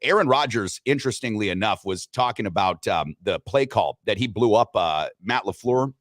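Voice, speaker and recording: A man hosts a sports radio show, chatting loosely, joking, swearing casually and reading live sponsor spots. His voice is fairly low and animated at a moderate pace, with a dry, clean studio sound.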